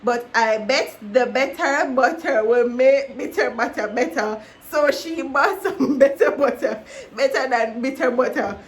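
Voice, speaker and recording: A woman's voice: high-pitched, a little slow, hardly any pauses, slight background noise. A woman vlogger taking on a tongue-twister challenge, giggling and stumbling over the words.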